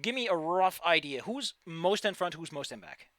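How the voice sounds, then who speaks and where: Bright-voiced playful game master man. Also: high voice, lively intonation, normal speed, no room sound. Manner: playful, theatrical narration with teasing asides. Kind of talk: narrating a tabletop game.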